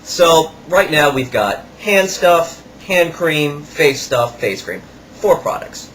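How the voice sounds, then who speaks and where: A man's voice: a little high, expressive, slow, fairly bright tone, a little hiss or hum. A man hosting a podcast, telling a story in a wry, sarcastic way. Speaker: podcast host. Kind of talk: storytelling monologue.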